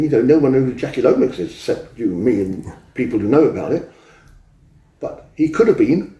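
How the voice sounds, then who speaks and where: A man's voice: medium pitch, mellow. A man in his seventies, an interview guest telling rambling anecdotes and acting out the dialogue he remembers. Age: 70s. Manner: rambling, acts out quoted dialogue. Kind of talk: anecdotal storytelling. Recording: roomy echo, distant mic.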